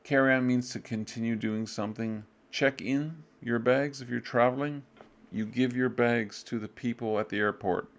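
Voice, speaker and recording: A man's voice: fairly even intonation, moderate pace. A man teaching English, going over a review unit in a loose, offhand way and acting out short student replies. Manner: loose and offhand, fills gaps with "blah, blah"; acts out short student replies with jumps in pitch. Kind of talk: casual review lesson.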